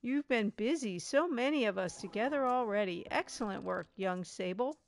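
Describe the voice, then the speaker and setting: A woman voicing a giant, gentle, motherly female creature queen in a video game, speaking with a gracious, cooing manner. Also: medium pitch, animated, normal speed, gravelly.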